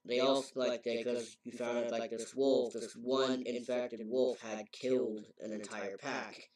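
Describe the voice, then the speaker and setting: A man casually recapping a story's plot, rambling and correcting himself as he goes. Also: medium pitch. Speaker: game reviewer. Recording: very echoey, voice far from mic.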